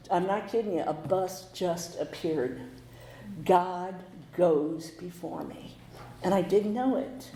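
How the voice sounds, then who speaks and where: A woman's voice: lowish voice, dark tone, echoey room, slight background noise, low-quality recording. Candid American woman telling her story. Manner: candid storytelling with wry humor. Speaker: speaker sharing her story. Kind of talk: recovery meeting talk. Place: meeting hall.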